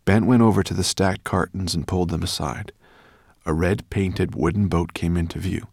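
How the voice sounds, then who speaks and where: A man narrating a story in an expressive, dramatic way. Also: sits low, moderate pace, gravelly, slightly rough, no room sound, studio quality. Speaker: audiobook narrator. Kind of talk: scripted narration.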